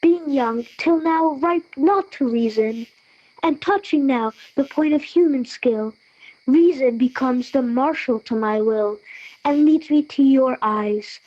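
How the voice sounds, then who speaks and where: A woman's voice: high-pitched, darkish tone, dull audio. A teen girl playing an ardent young nobleman. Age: teens. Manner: earnest measured verse reading. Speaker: student actor. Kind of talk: school audio play of verse drama.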